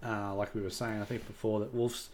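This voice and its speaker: A man's voice: lowish voice, level tone, fairly quick, a little mellow, a little hiss or hum. A man co-hosting a casual football chat, laid-back and agreeable, swearing now and then. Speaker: podcast co-host.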